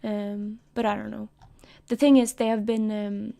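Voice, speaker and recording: A woman streamer talking in a soft, rambling way, breaking into giggly asides while she explains a story to her chat. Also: mid-range voice, level tone, measured pace, vocal fry. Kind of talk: casual live-stream commentary. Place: own room.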